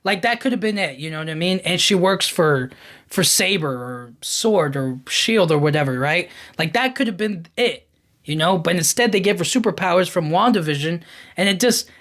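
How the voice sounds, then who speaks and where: A man's voice: high voice, moderate pace. Man ranting casually about a film. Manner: animated, frequent "like" and "you know what I mean". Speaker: podcast host. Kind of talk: casual film-review rant.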